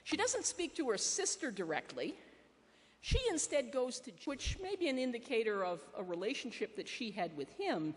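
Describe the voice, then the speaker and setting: A woman pastor preaching a sermon in a measured, conversational way, with fillers and pauses. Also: fairly high pitch, very animated. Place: church sanctuary. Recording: church hall reverb.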